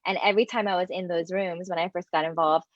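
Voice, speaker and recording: A woman's voice: on the low side, fairly even intonation, fast, dry recording. Earnest woman on a dry lo-fi line. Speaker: environmental activist. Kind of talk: casual panel discussion. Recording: dry, dull lo-fi audio.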